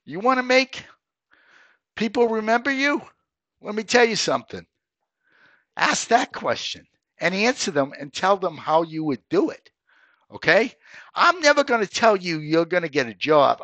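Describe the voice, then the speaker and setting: Man, podcast host, career coaching monologue, lively up-and-down voice, slightly high, dry recording. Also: dry recording. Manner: emphatic, coaching, repeats "okay?".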